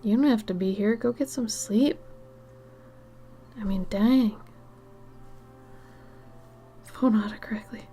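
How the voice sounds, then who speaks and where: Casting note: tired woman art streamer, slow unhurried chat, fairly high voice with lots of vocal fry, frequent half-whispered asides. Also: slight background noise. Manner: drowsy, soft-spoken, drifts into half-whispered asides. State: tired, yawning. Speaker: art livestreamer. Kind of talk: casual chat while drawing on stream.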